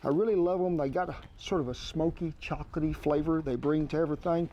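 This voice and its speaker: A man's voice: a little high, fairly even intonation, quick pace, mellow. A man giving a cooking demonstration outdoors at a grill in a folksy, homespun way. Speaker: outdoor cook.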